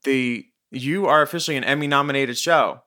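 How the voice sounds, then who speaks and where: Bright, smooth-voiced playful male host. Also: mid-range voice. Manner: playful, effusive, quick to laugh. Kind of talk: casual interview chat.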